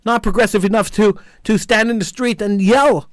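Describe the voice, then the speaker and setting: A man's voice: high voice, steady tone, normal speed, no room sound, studio quality. A man hosting a call-in talk radio show, delivering an impassioned, indignant monologue and repeating phrases for emphasis.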